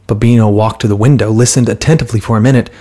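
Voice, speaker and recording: Husky low-voiced male storyteller. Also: very fast. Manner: calm, steady storytelling with light voices for characters. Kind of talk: scripted storybook narration.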